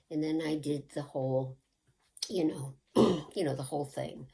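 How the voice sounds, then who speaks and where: Low-voiced older woman telling stories. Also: vocal fry, low-quality recording. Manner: rambling and chatty, with many asides and restarts; drops to a soft, hushed, slow voice when acting out her hypnosis patter. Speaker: channel host telling childhood stories. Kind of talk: casual personal storytelling.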